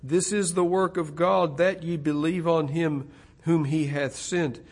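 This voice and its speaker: A middle-aged man preaching an expository sermon, slow and deliberate, rising to loud emphatic stresses. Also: fairly high pitch, steady tone.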